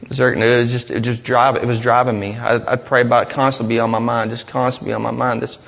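A man's voice: mid-range voice, level tone, quick pace, creaky, a bit bright, big-room sound, muffled recording, a little hiss or hum. A man giving an earnest, rambling personal testimony in church, with many restarts. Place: church hall.

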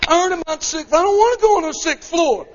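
A man's voice: extremely high pitch, fast talker, pitched above the performer's own voice. A man voicing a panicked little boy who pleads and whines at his mother, with a dull lo-fi sound. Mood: pleading. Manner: pleading, whiny.

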